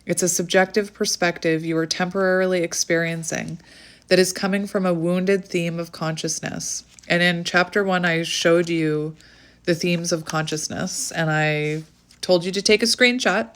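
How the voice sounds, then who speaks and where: Low-voiced woman reading affirmations aloud. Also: fairly even intonation. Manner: slow affirmations with candid chatty asides. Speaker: tarot channel host. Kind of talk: reading a self-help book aloud with personal asides.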